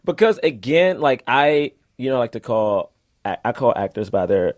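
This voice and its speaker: A man co-hosting a casual film podcast, retelling scenes in an animated way. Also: medium pitch, normal speed, no room sound. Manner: animated storytelling, lots of "like" and "yo". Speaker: podcast co-host.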